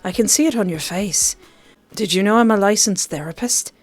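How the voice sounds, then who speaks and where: A woman playing a dry, sarcastic Irish guy at a college party, game character voice, teasing and wry, a bit of soft music under it. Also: medium pitch, normal speed, natural voice. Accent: Irish (put on).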